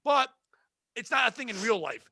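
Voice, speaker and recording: A man co-hosting a comedy podcast, trading crude jokes in animated banter and laughing often. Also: very high-pitched, moderate pace, creaky, dry recording, studio quality. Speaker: podcast co-host.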